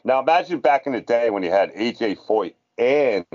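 A man's voice: medium pitch, lively intonation, normal speed, darkish tone, lo-fi sound. A man co-hosting a casual racing podcast, chatty and full of offhand wisecracks. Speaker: podcast co-host.

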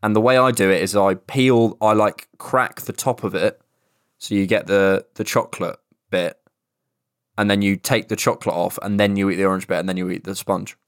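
A young man co-hosts a casual podcast, chatting and rambling with some easy swearing. His voice is fairly low and fairly even in intonation at a normal speed, captured dry with clean studio sound.

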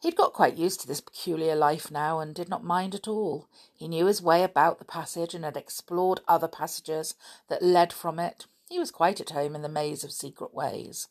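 A woman reads a children's adventure aloud in a steady, expressive manner. Her voice sits a little low for a woman. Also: moderate pace. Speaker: storyteller. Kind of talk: reading a children's book aloud.

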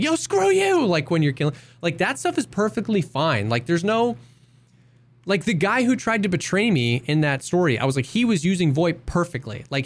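A man co-hosting a casual gaming podcast, agreeable and thinking out loud in quick bursts. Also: on the high side. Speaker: podcast co-host.

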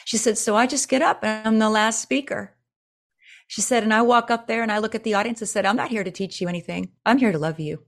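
Animated woman coach telling stories. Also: fast talker. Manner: animated storyteller, acts out quotes with big pitch jumps. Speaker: presentation coach, guest. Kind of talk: casual interview chat.

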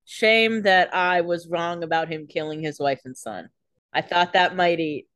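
A woman's voice: on the low side, a little slow, fairly bright tone, no room sound. A woman co-hosting a podcast, making sarcastic jokes and teasing asides about a TV episode. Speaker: podcast co-host. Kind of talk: casual chat, wisecracks.

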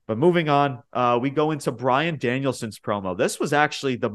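A man co-hosting a casual wrestling podcast, talking in an animated, rambling way that rises sharply when he gets worked up. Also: medium pitch, fairly quick. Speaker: podcast co-host.

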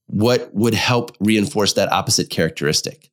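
A man, a couples therapist, talking through ideas in a casual podcast conversation, thoughtful and halting, often restarting his phrases. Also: lowish voice. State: slightly unwell.

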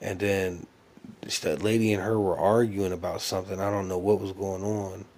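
Lowish man rambling through a dream story. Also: steady tone, moderate pace, a little mellow. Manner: rambling, many fillers and restarts; earnest, reflective.

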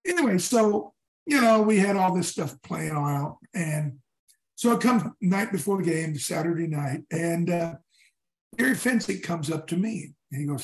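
A man in his sixties, a former football player telling stories in a casual interview, animated, swearing and acting out his teammates' lines. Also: fairly high pitch, moderate pace, reverberant, rough recording. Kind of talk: storytelling in casual conversation.

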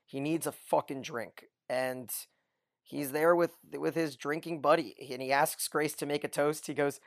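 A man co-hosting a podcast, giving a casual, lively recap of a TV episode and chuckling often. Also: fairly high pitch, a little slow, dry recording, studio quality. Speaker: podcast co-host.

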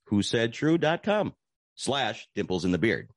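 A man's voice: medium pitch, big pitch swings, unhurried, dry recording, clean studio sound. A man doing a playful, comedic ad read in a salesy manner.

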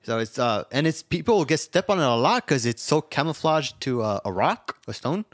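A young man co-hosting a podcast, telling stories in a quick, profane, laid-back way. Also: medium pitch, expressive, no echo, clean studio sound. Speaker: podcast co-host. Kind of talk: casual podcast banter.

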